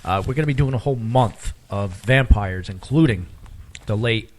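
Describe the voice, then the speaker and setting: A man's voice: lowish voice, moderate pace, a little mellow. A man hosting a live radio show, chatting casually and chuckling as he plugs upcoming programs. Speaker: radio host. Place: radio studio.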